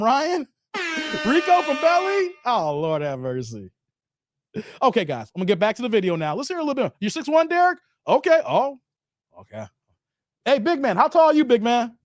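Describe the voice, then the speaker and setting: Animated man doing live stream commentary. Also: high-pitched, no room sound, clean studio sound. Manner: animated, laughing, playful banter with chat.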